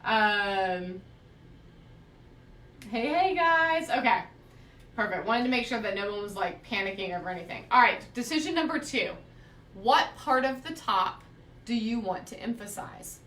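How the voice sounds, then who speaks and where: A woman's voice: mid-range voice, normal speed, fairly bright tone, recorded from a distance. Woman quilting teacher, conversational live-stream delivery, roomy echo, a bit off-mic. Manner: chatty, frequent "right?" check-ins.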